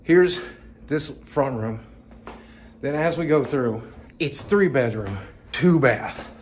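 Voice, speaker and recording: Outdoors at night, a middle-aged man vlogs a tour of his hometown, sharing candid stories with a wry, conversational touch. His medium-pitched voice is expressive and slow-paced, with slight background noise behind it.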